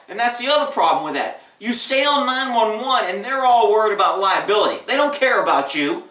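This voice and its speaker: Blunt cop in an echoey room. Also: male voice, very high-pitched, lively intonation, fast talker, few pauses, sharp tone, distant mic. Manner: blunt and emphatic, acts out quoted callers. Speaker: police officer giving advice. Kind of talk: casual vlog monologue.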